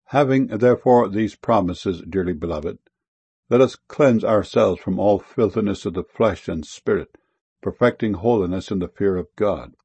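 Low gravelly man reading scripture. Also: dark tone. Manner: solemn, measured reading with archaic wording.

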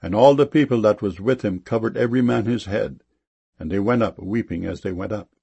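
Male scripture reader, solemn and measured; low, husky delivery. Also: warm tone, dull audio. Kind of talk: scripture reading.

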